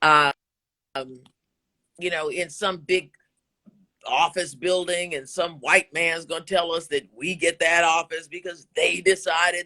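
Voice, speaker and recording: A woman's voice: fairly low pitch, steady tone, measured pace, pushed and bright. A woman in her sixties, a broadcaster and voice actor, talking candidly and emphatically in an interview, preaching motivation and swearing freely.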